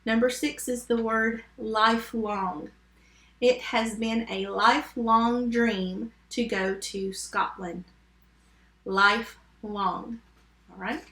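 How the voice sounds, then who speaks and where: A woman teaching a first grade phonics lesson remotely, sounding out words slowly and giving patient step-by-step instructions. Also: a little high, fairly bright tone, echoey room.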